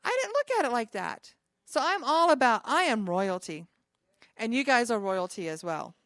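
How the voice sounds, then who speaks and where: A woman's voice: fairly high pitch, lively intonation, moderate pace, fairly bright tone, no room sound, clean studio sound. A woman pastor giving an informal sermon to a small group, talking conversationally with chatty asides between scripture readings.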